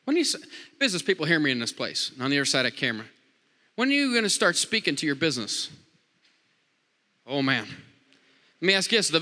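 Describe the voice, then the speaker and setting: A man's voice: fairly high pitch, lively intonation, fast, long pauses, sharp tone. A man preaching a sermon, joking with the congregation and repeating lines with frequent amens. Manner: jokey, call-and-response preaching with repeated amens. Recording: long hall reverb.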